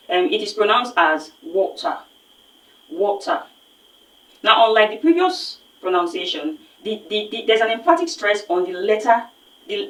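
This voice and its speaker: A woman's voice: medium pitch, distant mic. A woman with a Nigerian English accent giving an online phonics lesson, explaining emphatically and repeating words to model them. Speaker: phonics teacher. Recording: echoey room, voice set back from the mic.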